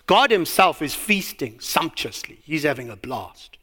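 A man's voice: a little high, very animated, unhurried, hardly any pauses, bright, forceful tone, breathy edge. A man preaching a sermon, telling a story with a lot of animation and asking rhetorical questions.

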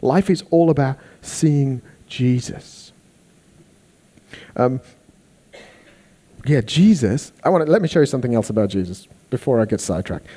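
A man preaching a sermon, animated, acting out the people he quotes. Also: medium pitch, moderate pace, pauses often. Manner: animated, acts out quoted voices.

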